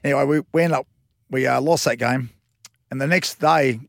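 A man's voice: mid-range voice, moderate pace, creaky, dry recording, studio quality. A former rugby league player in his fifties with an Australian accent, telling rambling, slangy anecdotes in a casual interview.

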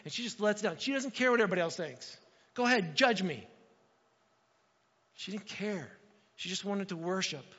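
A male pastor preaching a sermon, animated and talking straight to his congregation, acting out little quotes. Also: high-pitched, normal speed, long pauses, breathy edge. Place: church sanctuary. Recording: dull sound with long hall reverb.

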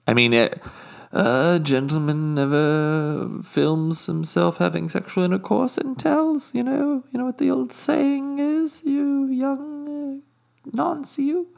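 Man doing a posh, condescending British guest, slow and meandering. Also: very high voice, vocal fry, voice pushed up, full character voice. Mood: rambling. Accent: put-on British. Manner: haughty, rambling, condescending. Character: pompous wealthy British male podcast guest. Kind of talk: improvised comedy character.

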